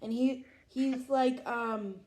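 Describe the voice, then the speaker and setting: A young woman with a high, steady, slightly mellow voice speaks slowly while hosting a vlog, reacting to a show as an emotional, gushing fan. It's a casual chat full of "oh my God."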